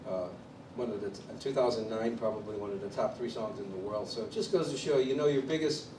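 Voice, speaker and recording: A man from Chicago, a drummer, tells his story at a clinic in an animated way and acts out the voices of the people he quotes. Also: fairly low pitch, fast. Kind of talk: storytelling interview. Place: drum clinic in a studio room. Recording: distant mic in an echoey room with background noise.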